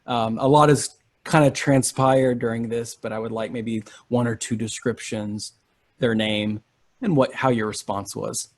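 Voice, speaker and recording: A man narrating a tabletop game as game master, relaxed and quick to laugh. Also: mid-range voice.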